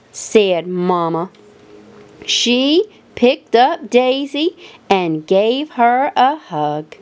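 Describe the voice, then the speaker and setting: Woman storyteller, playful sing-song picture-book reading, slightly high voice, unhurried. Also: very animated, a little mellow, clean tone.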